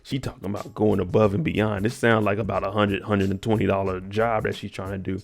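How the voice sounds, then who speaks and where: A man's voice: on the low side, little pitch movement, a little fast, gravelly. A man casually recapping a TV episode, with laid-back, joking slang. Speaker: TV recap host.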